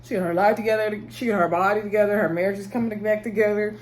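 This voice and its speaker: A woman's voice: medium pitch, steady tone, fast talker. A woman, chatting casually as she recaps a TV episode, rambling and laughing often. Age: 30s. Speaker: TV show reviewer.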